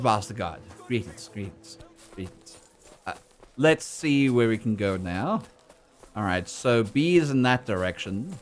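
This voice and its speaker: Guy streaming a game, super animated, talks to chat and laughs loud. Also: fairly low pitch. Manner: loud laughing reactions, chatting with viewers. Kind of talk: casual gameplay commentary.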